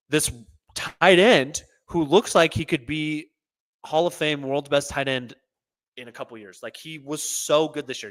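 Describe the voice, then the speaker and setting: A man's voice: a little high, fairly bright tone, clean tone, no echo. A man hosting his own show, giving opinionated solo sports commentary that often turns into a rant. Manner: opinionated, rants, repeats himself.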